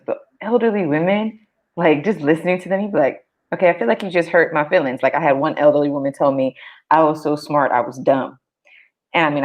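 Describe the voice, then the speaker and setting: A woman in her thirties co-hosting a casual chat, relaxed and reflective, laughing easily as she tells stories. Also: deep voice. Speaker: podcast co-host. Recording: dull lo-fi sound.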